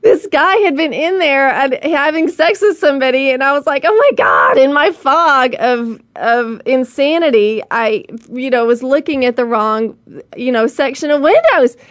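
A woman with a slightly high voice spins a personal story for her show's audience, candid and rambling, leaning on "you know" as she restarts her sentences. The sound is dry and close, with no room around it. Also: moderate pace, no room sound. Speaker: show host.

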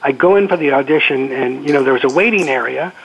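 Older man telling stories over a phone line. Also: medium pitch. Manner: relaxed anecdotal storyteller, halting with fillers. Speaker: actor guest. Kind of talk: storytelling interview. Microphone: telephone.

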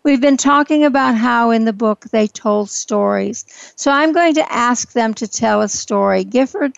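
A woman's voice: on the high side, gravelly, clean tone, no echo. A woman hosting a radio interview, speaking in an earnest, urging way. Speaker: radio host. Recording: dull, lo-fi, dry.

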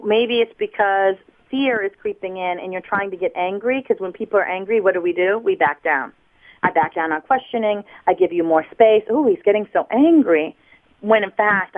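A woman from the United States, a body language expert, explaining on a radio show in a lively teaching tone over the phone. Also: on the low side. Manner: lively teaching tone, acts out examples. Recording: tinny phone line.

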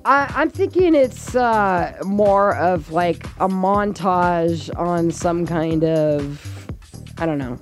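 A woman's voice: on the low side, expressive, slow pace, faint music behind. A woman guest on a casual podcast, hesitant and trailing off with fillers as she guesses. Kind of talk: casual chat.

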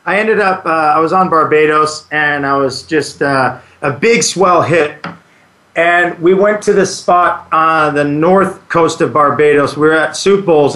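A man's voice: a little high, sharp tone, echoey room. A man co-hosting a casual radio talk show, telling a laughing story and acting out the quoted dialogue. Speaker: co-host.

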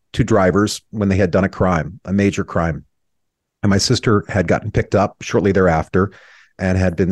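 A man's voice: deep voice, a little mellow, no room sound, clean studio sound. A man in his thirties, an interview guest, telling a painful personal story in an earnest, reflective way, his voice sometimes breaking with emotion.

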